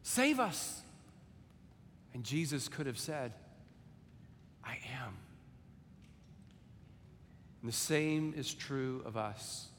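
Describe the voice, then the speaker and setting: A man preaching a sermon and reading scripture, deliberate and measured, lifting his voice for quoted lines and sinking soft on solemn ones. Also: medium pitch, slight background noise. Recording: long hall reverb, faint ambience.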